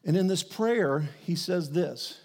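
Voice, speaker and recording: A man's voice: high-pitched, animated, slow, breathy edge. Man preaching in a reverberant hall. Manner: storytelling, building to loud emphatic declarations. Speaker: pastor. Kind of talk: sermon.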